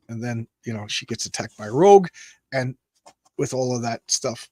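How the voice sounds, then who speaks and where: A man casually reading a comic aloud and commenting on it, halting and rambling with many restarts, lifting his voice a little for speech balloons. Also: medium pitch, animated, dark tone, no echo. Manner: reads speech balloons aloud in a lightly raised voice. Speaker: comic book show host.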